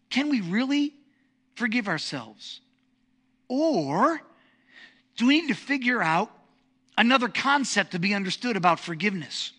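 A middle-aged man preaching a sermon as pastor, telling stories in an animated, self-deprecating way. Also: sits high, moderate pace, long pauses. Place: church sanctuary.

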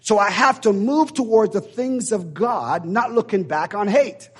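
A man's voice: high-pitched, lively intonation, a little slow, breathy edge. A man preaching a sermon in an emphatic, repetitive, preacherly way.

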